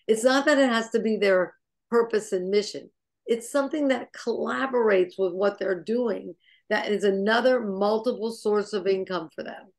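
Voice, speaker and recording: A woman sharing business advice on a group call, bubbly and energetic, laughing between points. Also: mid-range voice, moderate pace. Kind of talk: enthusiastic motivational chat.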